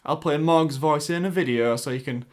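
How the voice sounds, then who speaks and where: A man's voice: fairly high pitch, normal speed, darkish tone. A man with a Sheffield accent giving casual commentary, hesitant with many restarts. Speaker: YouTube commentator.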